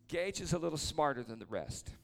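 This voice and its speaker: A man preaching casually, telling a lively story and then praying over people in a church or meeting hall. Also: fairly high pitch, fairly quick, creaky. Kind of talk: sermon with story and prayer.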